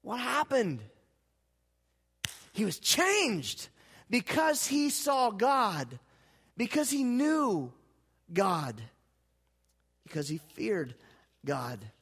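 A man preaching a sermon as pastor, dramatic, swinging from hushed lines to loud, fervent ones. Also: high-pitched, sing-song, very slow, long pauses, breathy edge. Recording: hall reverb.

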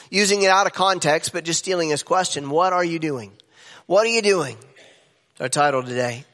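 A man preaching a sermon as pastor, animated and jumping up in pitch for emphasis. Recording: echoey hall with long reverb.

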